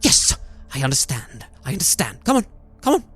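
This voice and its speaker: A screaming unhinged hermit. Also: male voice, medium pitch, wildly swooping pitch, moderate pace, a bit bright, breathy edge, pitched above the performer's own voice, heavily acted. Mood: frantic. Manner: screaming, then babbling in broken repeats. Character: haggard frantic hermit man, paranoid and unhinged.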